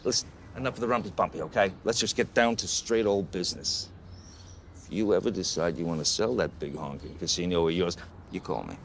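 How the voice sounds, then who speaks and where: An actor playing a brash, boastful middle-aged tycoon with a New York accent, bragging and interrupting in a parody comedy film. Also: male voice, low voice, a little fast, slight background noise. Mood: smug. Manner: bragging, bossy, interrupts constantly.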